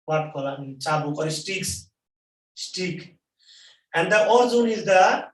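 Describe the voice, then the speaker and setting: A man preaching a sermon at a temple, telling a story in halting English and repeating phrases for emphasis. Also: high voice, lively intonation. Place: temple hall. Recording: echoey hall, mic at a distance.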